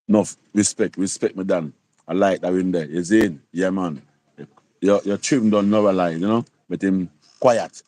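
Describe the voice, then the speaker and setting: A Jamaican man in his sixties hosts a casual livestream chat. His voice is low, warm and mellow, and it sounds dry and close to the mic. He rambles, repeating "you see?" and "you copy?" again and again. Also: no room sound. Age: 60s. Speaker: livestream host.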